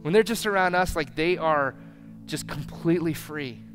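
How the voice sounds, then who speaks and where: A pastor delivering a sermon who swings from loud declarations to hushed lines and acts out listeners' reactions. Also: male voice, on the high side, normal speed, faint music behind.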